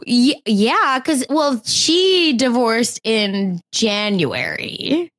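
Lively young woman gossiping on a podcast. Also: fairly high pitch, very slow, dry recording. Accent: Indian. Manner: animated, chatty, laughs often. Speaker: podcast co-host. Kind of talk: casual celebrity gossip chat.

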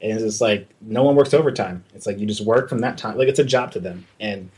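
A young man with a lowish, slightly rough voice talks fast, casually telling a story about working abroad. An artist looking back on that time, he's animated, swears freely, and acts out the quoted dialogue.

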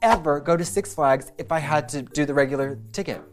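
A man's voice: fairly high pitch, brisk. A young man, a drag performer, co-hosting a comedy chat and telling playful stories. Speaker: co-host.

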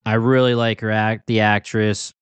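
Delco-accented man, smooth and low. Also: flat delivery, moderate pace, no echo. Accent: Delaware County, Philadelphia area. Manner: enthusiastic, rambling with restarts. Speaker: podcast co-host. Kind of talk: casual chat.

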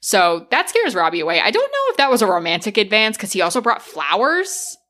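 Bright-voiced chatty woman podcaster. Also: medium pitch, very animated, a little fast. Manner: chatty, lots of "like" fillers, acts out quotes. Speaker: podcast co-host. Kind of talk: casual film recap chat.

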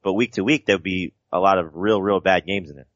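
A man's voice: low voice, brisk, a bit bright, no echo, lo-fi sound. A man co-hosting a sports podcast, analytical and explaining in long winding sentences. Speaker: podcast co-host. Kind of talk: casual sports podcast chat.

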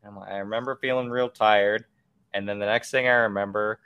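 A man's voice: fairly low pitch, steady tone, a little fast, clean tone, no room sound, dull audio. Laughing, self-deprecating man in his thirties. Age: 30s. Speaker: podcast guest. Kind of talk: casual storytelling.

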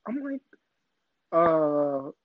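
A young man in casual chat, joking and mimicking apps and people with sudden high squeals. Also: very animated, drawn-out words, dry recording, phone-quality sound. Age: young adult.

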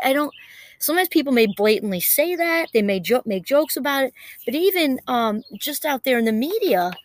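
A woman's voice: a little high, dry recording. Chatty woman in her fifties, dry close sound. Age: 50s. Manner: rambling, full of "you know" and restarts. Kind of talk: casual reflective monologue.

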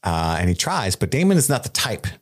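A man's voice: lowish voice, big pitch swings, brisk. A man co-hosting a casual podcast chat, playful and joking, laughing often. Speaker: podcast co-host.

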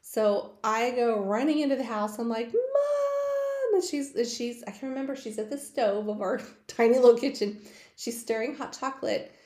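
A woman casually telling personal stories in a chatty, animated way, acting out the voices of the people she quotes. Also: on the high side, fairly quick. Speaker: host sharing personal stories. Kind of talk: casual storytelling. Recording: roomy echo.

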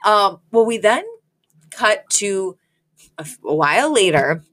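A woman's voice: mid-range voice, lively intonation, unhurried, fairly bright tone. A woman co-hosting a podcast, chatting casually and animatedly as she retells a sitcom episode and acts out the quotes. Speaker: podcast co-host.

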